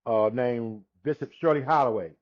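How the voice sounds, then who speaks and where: A man in his sixties telling his personal testimony in conversation, unhurried, acting out the dialogue he quotes, with frequent restarts. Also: mid-range voice. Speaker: guest sharing his testimony. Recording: dull lo-fi recording.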